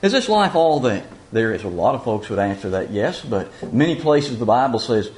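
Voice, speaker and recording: A man preaching a sermon, asking rhetorical questions and reading scripture aloud slowly and deliberately. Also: medium pitch, sing-song, a little mellow, rough recording.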